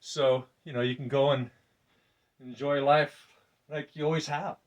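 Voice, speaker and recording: An older man casually demonstrating a weight workout, loose and chatty, laughing often and breathing deeply between sets. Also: steady tone, a little slow, far from the mic, lo-fi sound. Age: 60s. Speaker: fitness presenter. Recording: voice from off the mic.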